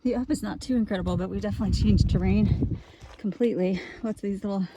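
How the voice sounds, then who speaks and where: A woman's voice: mid-range voice, quick pace, noisy background. A cheerful, chatty woman narrating her hike outdoors on a mountain trail, talking into a handheld camera and laughing often. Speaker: hiking vlogger. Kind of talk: casual vlog narration while hiking.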